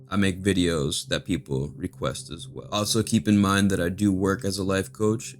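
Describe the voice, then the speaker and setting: A man hosting a card game channel, explaining deck strategy in a steady, monotone way. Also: low voice.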